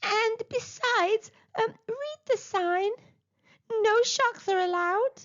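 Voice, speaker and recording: A woman's voice: very high voice, slow, fairly bright tone, highs cut off, pitched above the performer's own voice, full character voice. Woman doing a timid octopus apprentice. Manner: hesitant, murmuring.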